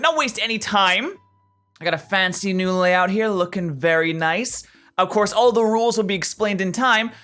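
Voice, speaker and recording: A young man hosting a let's play, chatting through the game with excitable, jokey remarks. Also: high-pitched. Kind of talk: gameplay commentary.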